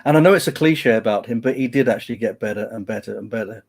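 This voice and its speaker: A man's voice: lowish voice, fast talker, creaky, a little mellow. A man reminiscing in a casual chat on a video call, telling stories with many restarts. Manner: chatty storyteller, many restarts, quotes others. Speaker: guest musician.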